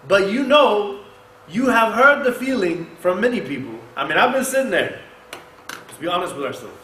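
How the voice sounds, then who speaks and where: A man delivers an animated mosque sermon with a fairly high voice. He poses rhetorical questions and recites Arabic verses between his points. The echoey room carries a faint background hum. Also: normal speed. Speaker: mosque speaker.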